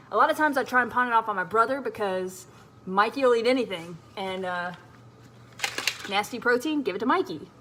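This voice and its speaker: Brief: chatty female fitness vlogger with a slightly raised pitch, recorded with clear background noise. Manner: rambling and chatty, many fillers. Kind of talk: casual vlog talk.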